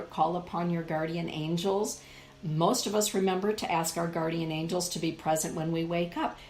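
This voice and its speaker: A woman reads oracle cards to her viewers at an unhurried, deliberate pace, leaning hard on her key words. Her voice sits a little low and carries a noticeable room echo. A faint hiss of background noise runs underneath. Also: darkish tone. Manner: slow, emphatic, addresses viewers by name. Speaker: spiritual author and card reader. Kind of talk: live oracle card reading for viewers.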